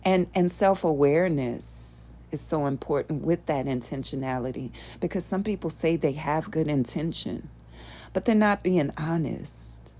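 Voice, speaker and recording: Woman host teaching spiritual stuff to her live viewers, kinda low voice, earnest, keeps asking them questions. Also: moderate pace, warm tone, a little hiss or hum. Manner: earnest, asks the audience rhetorical questions.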